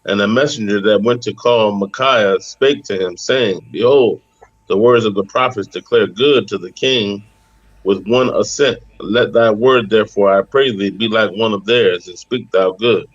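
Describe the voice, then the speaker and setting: A man reading scripture aloud at a steady, measured pace in a bible study. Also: fairly low pitch, no room sound, lo-fi sound. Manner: steady, measured reading of old-style text. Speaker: scripture reader.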